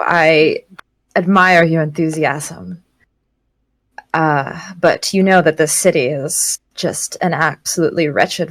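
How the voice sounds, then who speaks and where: A woman's voice: sits low, dry recording. A woman playing a sardonic fallen goddess. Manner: drawn-out, dripping sarcasm. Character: disdainful banished goddess, aloof and sardonic.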